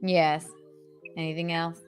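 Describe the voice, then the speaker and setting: A woman's voice: lowish voice, little pitch movement, a little slow, soft background music. A woman from South Carolina hosting a call-in podcast, speaking in a mock-posh transatlantic drawl and calling people darling. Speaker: podcast host. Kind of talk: casual call-in chat.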